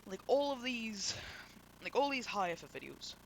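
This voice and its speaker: A man's voice: high voice, very animated, normal speed, vocal fry, heavy background noise. A young man giving loose, chatty commentary while playing a video game, full of fillers and side tangents. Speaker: gameplay streamer. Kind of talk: rambling gameplay commentary. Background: loud game music.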